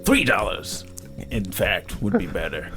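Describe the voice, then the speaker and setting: A man doing a grave, hushed celebrity charity appeal. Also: deep voice, wildly swooping pitch, creaky, music in the background, pitched below the performer's own voice, heavily acted. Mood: solemn appeal. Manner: slow, hushed, solemn charity-appeal delivery. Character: impression of a famous older actor, grave and slow.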